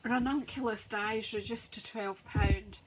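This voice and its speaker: A woman's voice: medium pitch, fairly even intonation, measured pace, background noise. A woman hosting a live craft stream, chatting to viewers as she rattles off sale prices like an auctioneer. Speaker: craft demonstrator, host. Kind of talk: live-stream product walkthrough.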